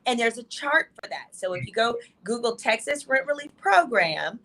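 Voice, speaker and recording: A woman legal expert guest on a talk show, explaining with fast, emphatic excitement over a video call from a hotel room. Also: fairly high pitch, low-quality recording.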